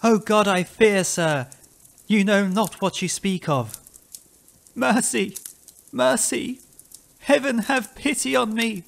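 A haunted captain at the edge of his nerves, as a male reader puts him on, begging for help in a high, strained voice that keeps climbing toward panic. He sounds like a character from a spoken gothic ghost story. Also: moderate pace, a bit bright. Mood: desperate. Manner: desperate, pleading, rising to frantic cries. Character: haunted, terrified middle-aged male captain. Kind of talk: dramatic reading of a classic ghost story.

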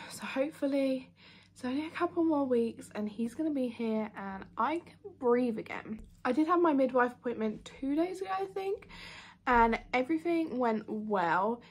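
A woman's voice: fairly high pitch, slightly rough. A woman, chatting casually in a vlog update from home and sounding out of breath. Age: 20s. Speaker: vlogger.

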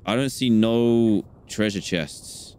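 A young man hosts a gaming channel, narrating a let's-play and swinging from calm chatter to panicked yelps. His voice is lowish and slow, with a clean tone.

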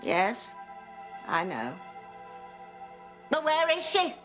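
A woman's voice: on the high side, huge pitch swings, drawn-out words, soft background music, exaggerated voice. An actress playing a theatrical wicked witch mother who is proud of being bad, in a soap opera. She speaks in a drawling, mock-sweet, arch way. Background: loud dramatic score.

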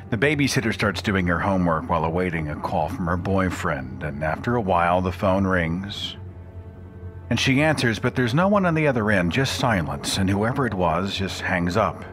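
A man hosting a podcast, narrating a spooky story in a measured, suspenseful way. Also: deep voice, fairly bright tone. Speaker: podcast host.

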